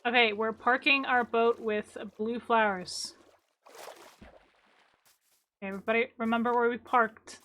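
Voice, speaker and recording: A woman streaming a game casually, giggling often, swearing freely and breaking into loud exclamations. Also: fairly high pitch, fairly even intonation, unhurried, long pauses, muffled recording. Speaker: livestreamer.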